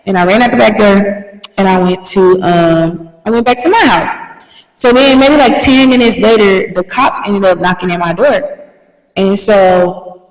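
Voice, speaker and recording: Animated young woman telling a story in an echoey room. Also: mid-range voice, normal speed. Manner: animated, vivid storyteller with slangy asides. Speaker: podcast host. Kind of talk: casual storytelling. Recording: echoey room, mic at a distance.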